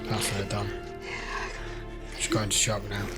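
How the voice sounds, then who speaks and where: A man hosting a reaction channel who talks back at the screen, blunt and quick to swear. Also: on the low side, completely flat delivery. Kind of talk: casual reaction commentary. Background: loud show soundtrack music.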